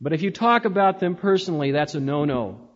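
High-voiced preacher in an echoing hall. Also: male voice, animated, fairly quick. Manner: storytelling, with frequent "uh" fillers. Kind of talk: conversational sermon. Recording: dull, reverberant hall recording.

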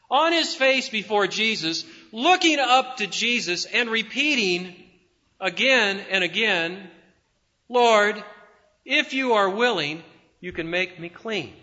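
A man preaching with fervent conviction, his high, bright voice swinging from emphatic peaks down to hushed, low passages. The sound is muffled and carries the long echo of a church hall. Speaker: pastor. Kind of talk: sermon.

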